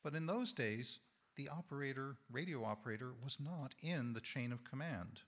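A man with a hoarse, fading voice giving a thoughtful lay sermon in a church, measured and correcting himself now and then. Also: mid-range voice, fairly bright tone. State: hoarse, losing his voice. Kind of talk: reflective sermon talk. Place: church sanctuary.

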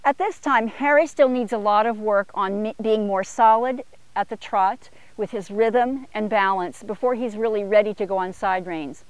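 A woman trainer talks through longeing a horse in a riding arena, mid-pitched and steady. She breaks off into short commands to the horse, lifting her tone when she asks for more speed. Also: moderate pace, smooth, dry recording. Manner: calls short commands to the horse, rising for upward gaits. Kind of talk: instructional demo while longeing a horse. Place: outdoor arena corner.

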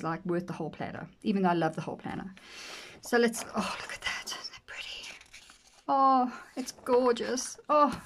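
A woman vlogger gushing over a planner in casual commentary, often dropping to soft near-whispers. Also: mid-range voice. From South Africa. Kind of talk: casual flip-through commentary.

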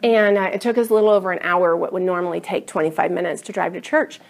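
A woman's voice: fairly low pitch, steady tone, quick pace, vocal fry. A middle-aged woman teaching a class Bible study, earnest and enthusiastic, often drawing her words out.

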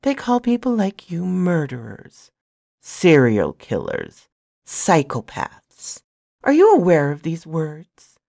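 A narrator puts on a haughty, cold female enforcer from a storybook who sneers and patronizes. Her voice is pitched up over the reader's own and swings widely, delivered slowly. The sound is dry and close. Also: huge pitch swings, vocal fry, mellow, no echo, heavily acted. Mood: mocking.

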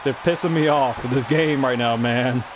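A man's voice: mid-range voice, moderate pace, noisy background. A young man doing gameplay commentary, swearing and trash-talking the game in frustration. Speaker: gameplay streamer. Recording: game sounds loud behind.

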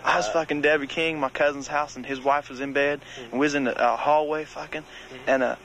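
A man's voice: fairly high pitch, fairly even intonation, brisk, noisy background. A young man telling crude, bragging stories to friends, laughing often. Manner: crude, laughing, acts out voices in his stories. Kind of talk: bragging storytelling among friends. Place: outdoors.

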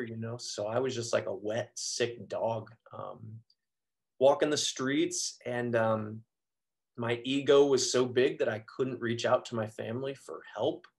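A priest speaking as a guest, giving an earnest, reflective personal testimony with frequent pauses and fillers. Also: male voice, mid-range voice, a little mellow. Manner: earnest, reflective, frequent ums and you-knows.

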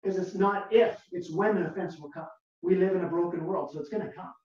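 A pastor preaching a sermon slowly and emphatically, repeating key words and asking the listeners rhetorical questions. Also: mid-range voice, darkish tone. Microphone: video call, far from the mic. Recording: very echoey, distant, dull lo-fi video call audio.

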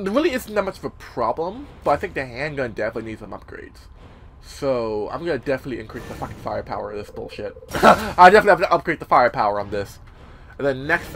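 A young man casually commentating a horror game, rambling with many fillers, swearing, and sometimes yelling. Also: medium pitch, slight background noise. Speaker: gameplay commentator. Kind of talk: casual let's-play commentary.

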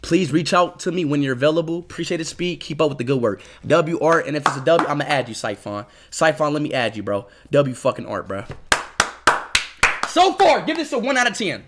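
A young man streaming live, reacting loudly and excitably, swearing a lot and bursting into shouts. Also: a little high, fairly quick, heavy background noise.

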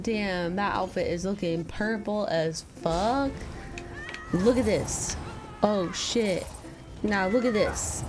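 Slow-talking, swearing woman streamer. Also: over music. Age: 30s. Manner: profane, exclamatory, bursts of loud delight; coos in a higher, softer voice to her pet. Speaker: live streamer. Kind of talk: casual live-stream chat.

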